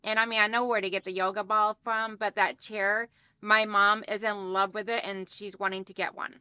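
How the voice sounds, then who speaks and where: A woman hosts a quilting channel livestream from home, chatty and upbeat, greeting viewers by name and reading out their comments. Her mid-range voice has a sharp but smooth tone, little pitch movement, and a moderate pace. The home recording is dry and slightly dull.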